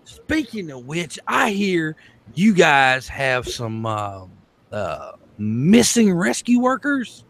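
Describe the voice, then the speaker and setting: A man playing a brash, flirtatious American rescuer, talking loudly and cockily. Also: fairly high pitch, big pitch swings, slow, exaggerated voice. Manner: loud, cocky, flirty.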